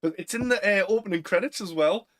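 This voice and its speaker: A Northern English man co-hosting a relaxed podcast chat, with a fairly high-pitched voice. He talks in slang, gets animated and laughs often. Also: fast. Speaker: podcast co-host. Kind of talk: casual chat.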